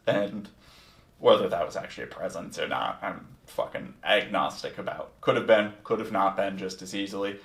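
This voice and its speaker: Gravelly low-voiced man, roomy sound. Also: moderate pace, fairly bright tone, distant mic. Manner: candid and reflective, swears freely. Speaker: podcast host. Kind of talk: casual first-person storytelling. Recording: roomy sound, set back from the mic.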